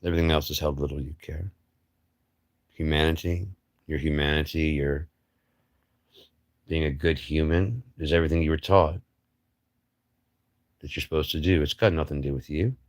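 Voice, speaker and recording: A man's voice: very deep voice, fairly even intonation, moderate pace, pauses often, no echo, clean studio sound. A man hosting a livestream, rambling through a blunt, profane philosophical monologue full of rhetorical questions and mocking asides. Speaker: livestream host.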